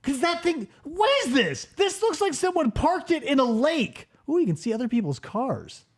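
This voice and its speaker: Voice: high voice, sing-song, moderate pace. A brash radio host who swears a lot and jokes nonstop. The voice rises and falls all over the place. This is loose, profane banter between friends on air. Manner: brash, joking, swears freely.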